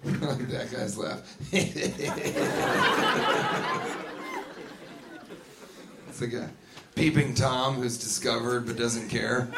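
A man's voice: medium pitch, steady tone, unhurried, over a noisy crowd, heavy background noise. A man doing a wry, self-mocking stand-up routine, recorded live with an audience. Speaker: stand-up comedian.

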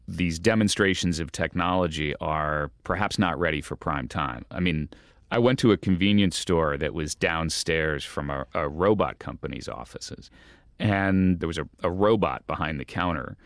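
A man, a journalist guest in an interview, telling a story in an animated way with stumbling restarts and amused asides. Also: low voice, moderate pace, no room sound, studio quality.

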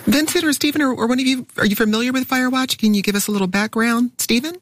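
A woman hosts a public radio talk show. She asks her guests clear, steady questions. The studio sound is dry and close. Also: a little high, fast talker, no room sound. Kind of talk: public radio interview hosting. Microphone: studio microphone.

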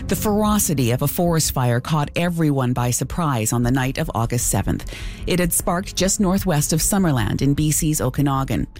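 A woman, a radio host, narrating a documentary in a measured scripted way. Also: sits low, expressive, darkish tone, soft background music.

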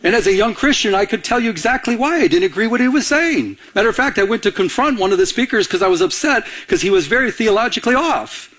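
A man's voice: high-pitched, expressive, quick pace, hardly any pauses, fairly bright tone. A man preaching a sermon as a pastor, telling personal stories and acting out the voices of the people in them. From Michigan. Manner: storytelling, acts out quoted voices.

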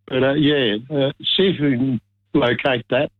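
A man calls in to a radio show and talks hesitantly but with firm opinions. His voice sits at an ordinary pitch. It comes through a dry, tinny phone line. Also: fairly even intonation, normal speed, no room sound. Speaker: caller. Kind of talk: radio call-in.

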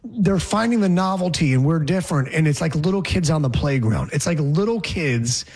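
A man's voice: on the high side, expressive, normal speed, a little mellow, breathy edge. A man hosting a sports talk show, chatting casually with rambling, sarcastic asides.

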